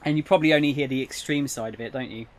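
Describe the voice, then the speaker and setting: A man's voice: medium pitch, racing, slight background noise. A young man streaming a game, chatting casually with viewers in a rambling, hesitant way. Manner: rambling, hesitant, lots of fillers and restarts. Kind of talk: casual live-stream chat.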